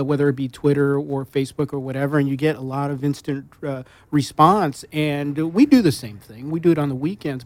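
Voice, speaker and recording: A man who is a radio DJ, talking in a halting way with many fillers and restarts. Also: on the high side. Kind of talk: radio interview chat.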